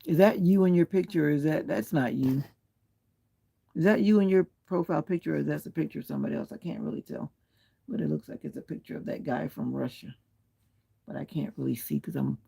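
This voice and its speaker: Answering viewers' comments one by one, this host chats casually on a livestream from home, stretched out with a pillow and comforter, and keeps the language clean in a firm yet polite way. He speaks in a husky, creaky, warm voice that runs on the high side.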